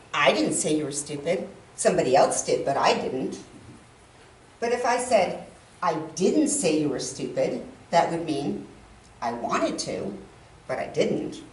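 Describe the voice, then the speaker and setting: A woman delivers a talk on stage in a large hall. She is heard from some distance, with roomy reverb and a faint hum of ambience behind her. She tells her points like stories and acts out the quoted lines with emphasis. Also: medium pitch. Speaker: speaker. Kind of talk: public talk.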